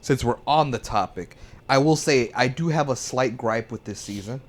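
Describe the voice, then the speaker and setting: A man co-hosting a podcast, giving relaxed, slangy opinions about a TV show. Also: mid-range voice, normal speed. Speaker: podcast co-host.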